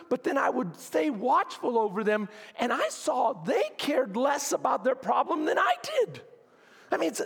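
A pastor with a very high, gravelly voice preaches a sermon, jumping into the voices of the people he quotes and shouting at the high points. His words ring out with a long echo through a church hall. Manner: animated preaching, acts out quoted complainers in a raised, shouting voice.

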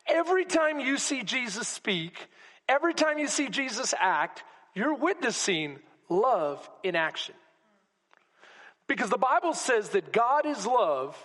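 A man preaching a sermon as pastor to a congregation, swinging between loud exclamations and hushed asides. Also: sits high. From Texas. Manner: preaching with rising shouts and sudden quiet drops. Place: church sanctuary. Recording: long hall reverb.

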